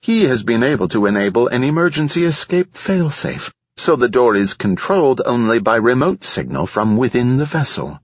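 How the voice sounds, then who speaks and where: A man reading an audiobook voices a polite, precise flying AI drone, in a much higher voice than his own, slightly husky. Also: sing-song, normal speed, hardly any pauses, no room sound. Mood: formal. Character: calm formal flying AI drone, genderless. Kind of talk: audiobook character voice. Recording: slightly dull lo-fi recording.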